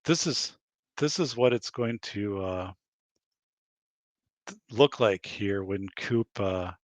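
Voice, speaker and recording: A man's voice: on the low side, animated, takes it slowly, dry recording. A man hosting a podcast in his studio, rambling casually and acting out bits of dialogue while laughing at his own stories. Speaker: podcast host. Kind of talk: casual chat.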